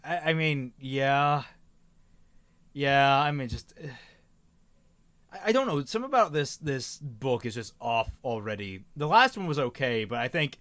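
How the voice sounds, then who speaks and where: A man's voice: medium pitch, animated, unhurried, a bit bright. A man hosting a casual stream, chatting with a guest and reading a novel aloud with rambling asides and small stumbles. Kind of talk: casual chat and read-aloud.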